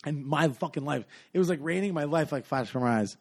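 A man's voice: fairly high pitch, fairly quick, a little mellow, breathy edge. A man telling a long story in casual podcast chat, rambling with many fillers and acting out what people said.

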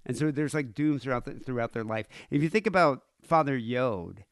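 A man's voice: mid-range voice, lively intonation, normal speed, no room sound, clean studio sound. A man hosting a podcast, chatting casually and rambling with lots of fillers. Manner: rambling, filler-heavy, laughs easily. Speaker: podcast host. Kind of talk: casual chat.

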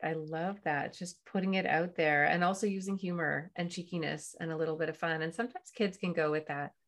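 A woman's voice: sits low, fairly even intonation, brisk. A woman hosting a podcast interview, a parent coach herself, speaking in an affirming, reflective way.

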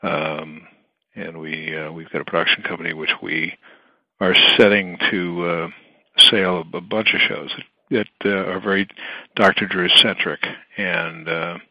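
A man's voice: low voice, fairly even intonation, moderate pace, no room sound, lo-fi sound. A man, a guest on a radio talk show, speaking casually and rambling with many fillers and restarts. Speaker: guest, entertainment manager.

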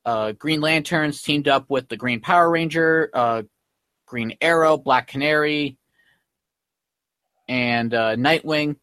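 A man's voice: on the high side, slow, long pauses, sharp tone, no echo. A man hosting a podcast, casually retelling a comic in a rambling way full of ums and likes. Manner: rambling, filler-heavy retelling with many "like" and "um". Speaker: podcast host. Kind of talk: casual chat recapping a comic.

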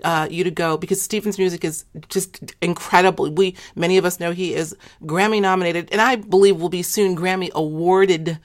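A woman hosting an interview, talking emphatically in quick bursts and laughing often. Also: on the low side, fairly even intonation. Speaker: interview host. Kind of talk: enthusiastic interview chat.

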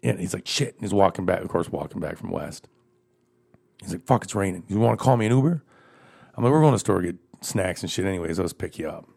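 Gravelly, profane storytelling man. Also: low voice, fast. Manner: crude, profane, animated storyteller who often laughs. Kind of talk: casual storytelling chat.

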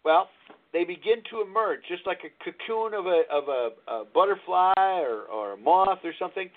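A man's voice: high-pitched, lively intonation, moderate pace. A man hosting a recovery talk radio show, telling a story in a rambling way and searching aloud for words, heard over a tinny phone-like line. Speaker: radio host.

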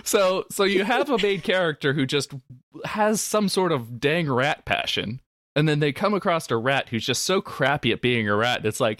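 A man with a mid-range voice talks through a goofy theory, his pitch bouncing around as he explains. He sounds close and dry, with no room echo. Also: normal speed. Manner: animated, explains with lots of "like" and restarts. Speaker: podcast co-host. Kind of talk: casual comedic chat.

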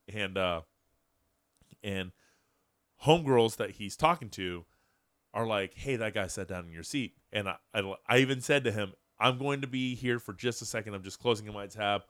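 A low-pitched man hosts a casual podcast and spins a bar story with plenty of swearing and energy. The sound is dry and close to the mic, with no room around it. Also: moderate pace, no room sound. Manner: profane, animated storyteller. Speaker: podcast host.

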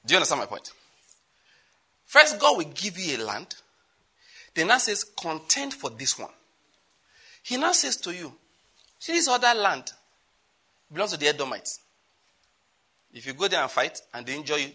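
Animated husky-voiced male preacher. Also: on the high side, moderate pace, long pauses. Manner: animated, shifts from loud exclamations to quiet asides. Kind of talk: sermon.

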